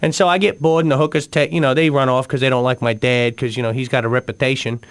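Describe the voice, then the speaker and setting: A man's voice: mid-range voice, fairly even intonation, fast talker, clear, resonant tone. A man co-hosting a comedy radio show, telling rambling stories with sudden emotional swings. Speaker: radio co-host. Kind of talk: comic radio storytelling.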